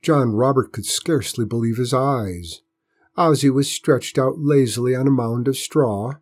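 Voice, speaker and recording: A man reading a story aloud as narrator, in a steady, measured way. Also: mid-range voice, breathy edge.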